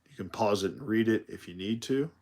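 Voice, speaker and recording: A man's voice: on the low side, brisk, darkish tone. A tired man chatting casually while he unboxes a toy live, rambling with self-deprecating asides. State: tired, yawning.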